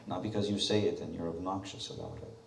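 A man with a low voice preaches a sermon, weaving a story into his message and firing rhetorical questions at his listeners. He is heard from a distant mic, and his voice rings through a roomy church with a faint hum of ambience behind it. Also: steady tone, fast, creaky. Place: church sanctuary.

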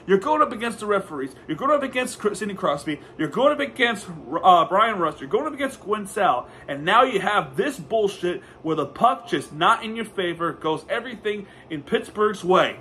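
A man recapping a hockey game as a fan, talking in a casual, excitable way and often stumbling and correcting himself. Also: high-pitched, normal speed, few pauses, a little hiss or hum.

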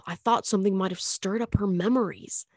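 A woman voicing a gentle bearded father who soothes and questions calmly. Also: medium pitch, a little fast, husky, no echo, clean studio sound. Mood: soothing. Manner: soothing, murmuring. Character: gentle bearded stepfather, calm and protective.

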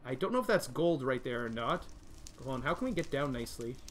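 A young man streaming a video game live, chatting with his viewers, reading their messages and yelling in frustration when things go wrong. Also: medium pitch, fast talker, a little hiss or hum. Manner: excitable, yells in frustration when dying; reads and answers chat. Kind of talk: live gaming stream commentary.

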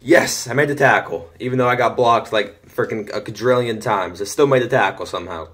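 A teenage boy casually commenting on a football video game from home, chatty, easily excited and often muttering to himself. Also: on the low side, a little fast. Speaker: gaming commentator. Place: home room.

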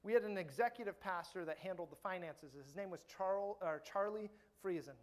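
Man, middle-aged, pastor, sermon, earnest, emphatic, goes quiet and slow on key lines. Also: high voice. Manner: earnest, emphatic preaching that drops soft for key points.

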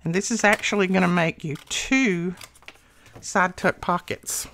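A woman's voice: lowish voice, measured pace, fairly bright tone, slight background noise. Chatty woman demoing crafts. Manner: chatty, talks to viewers while working. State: out of breath. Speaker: craft channel host. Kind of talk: casual craft tutorial.

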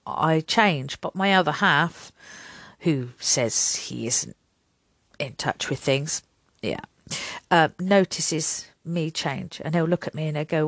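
An older woman with a lowish voice chats her way through a solo podcast, rambling and laughing at herself as she acts out little back-and-forths. She is recorded close and dry, with no room sound around her. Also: lively intonation, slow, fairly bright tone, no echo. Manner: rambling, self-deprecating, laughs often, acts out little dialogues. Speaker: podcast host.

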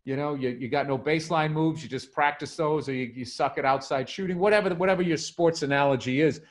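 A man's voice: fairly high pitch, fast. A middle-aged man co-hosting a casual podcast, telling comedy stories with lots of swearing and acting out quotes. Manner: animated storytelling, swearing, acts out quotes.

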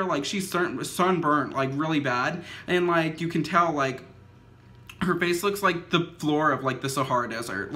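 A high, bright young man's voice telling a story to the camera. He rambles along, drops "like" into nearly every phrase, and swears casually as he goes. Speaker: vlogger. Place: indoors at home, dim lighting.

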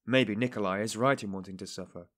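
A man's voice: fairly low pitch, quick pace, natural voice. A man reading a fervent, pleading investigator. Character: earnest middle-aged male police investigator, persuasive.

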